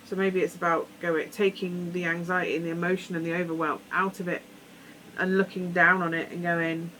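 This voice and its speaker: A woman talks through a weekly tarot reading in a loose, earnest way, slipping into little imagined conversations as she goes. Her voice sits fairly low for a woman. A faint hiss of noise runs under the recording. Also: flat delivery, brisk, bright, forceful tone, low-quality recording. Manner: rambling and earnest, acting out imagined dialogue. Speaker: tarot reader.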